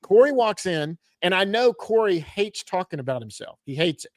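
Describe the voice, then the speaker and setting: High-voiced reporter dude telling animated stories, dry close sound. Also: male voice, moderate pace, dry recording. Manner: animated storyteller, chuckling. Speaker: sports reporter guest. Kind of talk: casual storytelling chat.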